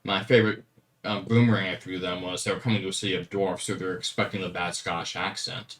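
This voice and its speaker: A man with a low voice chatting casually about running tabletop games. He speaks in a relaxed, self-deprecating way. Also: fast. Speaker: guest game master. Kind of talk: casual chat.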